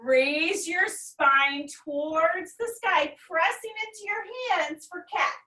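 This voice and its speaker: A woman teaching a children's yoga class, giving gentle, instructive breathing cues with playful animal noises. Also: very high-pitched, slow. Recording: echoey room, far from mic.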